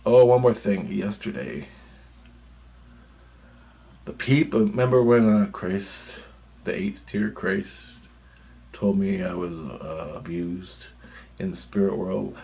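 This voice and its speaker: A man in his fifties with a somewhat low voice, rambling on in a loose spoken monologue. He talks bluntly and swears freely, jumping from one thought to the next. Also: takes it slowly, vocal fry, pauses often, warm tone. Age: 50s. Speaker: vlogger.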